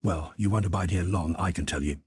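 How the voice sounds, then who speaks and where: A man's voice: low voice, a little fast, a little hiss or hum, close to an everyday voice. A man reading an audiobook, voicing a cool, self-assured young man who stays unflappable. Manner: cool and imperturbable.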